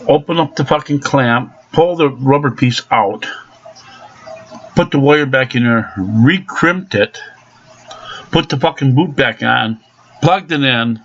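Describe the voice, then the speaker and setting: A man's voice: mid-range voice, takes it slowly, long pauses, a bit bright. Angry man ranting, lo-fi sound. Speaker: angry car owner. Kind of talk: ranting vlog. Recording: dull lo-fi recording.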